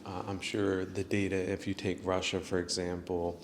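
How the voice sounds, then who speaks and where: A man's voice: low-pitched, monotone, normal speed, noisy background. A man hosting a solo podcast, rambling through his thoughts with many fillers and chuckling at his own jokes. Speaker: podcast host.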